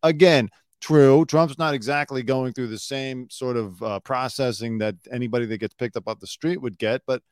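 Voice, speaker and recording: Male host, sarcastic news riffing, mid pitch, dry close sound. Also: normal speed, no room sound. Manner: sarcastic, mocks pundits in put-on mopey voices. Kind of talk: casual news commentary.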